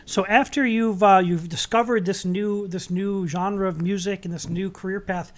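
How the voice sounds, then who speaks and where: A man's voice: high-pitched, steady tone, normal speed. A man hosting a conversational interview, asking questions in an encouraging way. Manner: warmly encouraging, asks questions. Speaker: interviewer, host.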